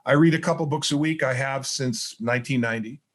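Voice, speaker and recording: A middle-aged man, a motivational speaker appearing as a podcast guest, telling stories in a lively way and acting out the dialogue. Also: medium pitch, a little fast. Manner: animated storyteller who acts out dialogue. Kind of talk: storytelling interview chat.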